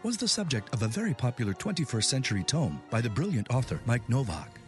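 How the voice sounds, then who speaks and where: A man's voice: medium pitch, very animated, fast, faint music behind, lightly acted. A man playing an earnest android officer in a comedy radio promo, talking in a formal, precise, overly literal way.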